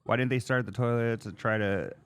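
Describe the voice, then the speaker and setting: A man's voice: medium pitch, steady tone, fairly quick, fairly bright tone, clean tone, no echo. Profane, exasperated male storyteller. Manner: profane, exasperated, laughing retelling. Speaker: podcast host. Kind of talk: casual storytelling. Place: hotel room.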